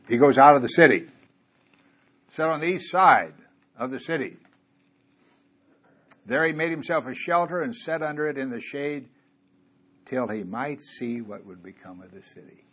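A man's voice: medium pitch, husky. A man preaching a conversational sermon in a church, asking his listeners rhetorical questions and chuckling now and then.

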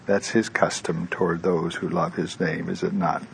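A man's voice: deep voice, level tone, normal speed, vocal fry, slight background noise. A man preaching a sermon, who talks in a conversational way with tag questions and then leads into prayer. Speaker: pastor.

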